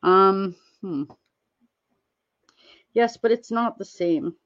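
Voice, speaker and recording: A woman streaming, chatting casually with viewers while she crafts, rambling and gently reassuring them with lots of fillers. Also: mid-range voice, drawn-out words, muffled recording. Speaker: livestreamer answering chat.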